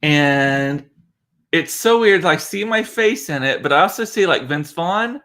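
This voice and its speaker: A man's voice: high-pitched, animated, moderate pace, fairly bright tone. Giggly man chatting on a livestream. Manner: giggly, chatty, laughing at himself. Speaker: livestream host, father. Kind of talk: casual livestream chat. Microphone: computer mic.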